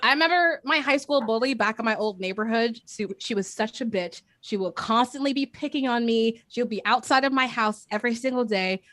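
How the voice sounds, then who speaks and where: A young woman from East Oakland doing a stand-up set over a video call, with a crisp announcer-like voice and deadpan delivery. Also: on the high side, brisk, few pauses, no echo. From East Oakland, California. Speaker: stand-up comedian.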